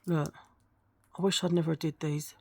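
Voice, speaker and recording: A woman's voice: deep voice, little pitch movement, moderate pace, a little mellow. A middle-aged woman chatting casually and frankly in a beauty product review vlog, rambling from one point to the next. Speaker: beauty vlogger.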